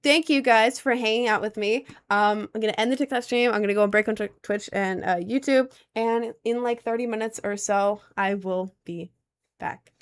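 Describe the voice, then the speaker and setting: A young adult woman livestreaming in a casual, rambling chat, giving frank and animated advice with many fillers. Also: fairly high pitch, a little fast, few pauses, smooth, no echo. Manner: chatty and rambling, heavy on filler words.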